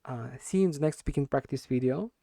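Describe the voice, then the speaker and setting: Hesitant, gravelly-voiced man practicing English. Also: medium pitch, dark tone, no room sound, studio quality. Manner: hesitant, repeats and restarts words while searching for them; deliberately slow with stressed words. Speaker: English learner recording speaking practice. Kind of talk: unscripted speaking practice monologue.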